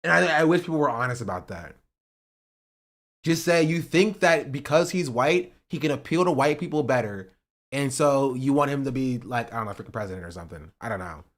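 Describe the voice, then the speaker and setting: A man ranting on a livestream about politics. He swears, says "bro" and repeats himself, swinging between loud outbursts and muttering. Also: medium pitch, expressive, a little fast. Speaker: streamer. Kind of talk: heated political rant on a livestream.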